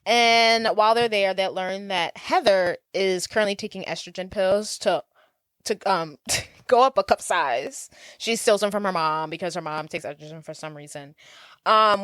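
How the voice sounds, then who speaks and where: Woman podcast co-host, dry close mic, casual, animated plot recap. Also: mid-range voice, moderate pace, smooth, no echo. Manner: giggly, animated storytelling with put-on voices. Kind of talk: casual chat, retelling a movie plot.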